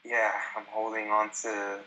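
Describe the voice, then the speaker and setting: Bright-voiced American man calling in. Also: lowish voice, monotone, unhurried, slight background noise, rough recording. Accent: General American. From Denver, Colorado. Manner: hesitant, self-deprecating, laughs nervously. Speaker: caller. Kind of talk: casual conversation.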